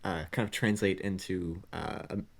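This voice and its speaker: A young man co-hosting a podcast, hesitant and filling pauses in casual chat. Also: deep voice, steady tone, creaky. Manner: hesitant, many fillers. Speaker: podcast co-host.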